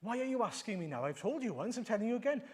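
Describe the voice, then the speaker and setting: A man's voice: sits high, expressive, normal speed, darkish tone. A man preaching voices a healed man born blind, who talks back boldly and with exasperation. A long church echo is behind him. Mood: exasperated. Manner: emphatic, challenging. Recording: long reverb of a church hall.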